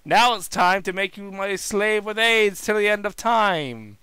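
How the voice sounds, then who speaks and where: A man's voice: high voice, a little slow, sharp tone, clear, resonant tone, dry recording. A man voicing a smug, scheming, big-bellied male villain who gloats theatrically. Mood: gloating.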